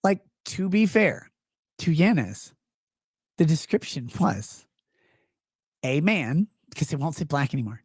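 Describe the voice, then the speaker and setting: A man's voice: fairly high pitch, big pitch swings, measured pace, pauses often, a little mellow, slightly rough, no echo, studio quality. A man hosting a casual livestream, reading chat messages aloud and riffing on them sarcastically. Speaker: livestream legal commentary host.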